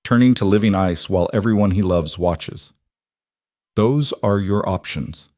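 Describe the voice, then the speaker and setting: A man's voice: on the low side, measured pace, dark tone, no echo, studio quality, lightly acted. A man voicing a cruel ancient witch woman with a mocking, menacing manner.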